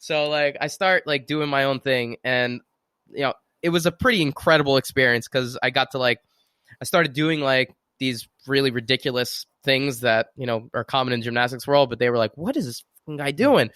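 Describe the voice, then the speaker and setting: Lively storytelling podcast host, smooth voice. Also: male voice, medium pitch, normal speed, no room sound, studio quality. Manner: lively, animated storyteller who acts out quotes. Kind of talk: casual storytelling.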